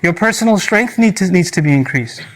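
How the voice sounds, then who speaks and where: High-voiced man preaching animatedly. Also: fairly quick. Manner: animated, acts out quoted voices and jokes with the audience; uses Arabic terms in his talk. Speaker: Islamic speaker. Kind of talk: sermon-style lecture.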